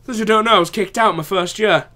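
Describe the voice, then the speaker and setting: Speaking fast in a high, pushed, bright voice, a young man at university plays through a video game for a let's play. He reads the lines out loud and tears into the characters with sarcastic, foul-mouthed jokes.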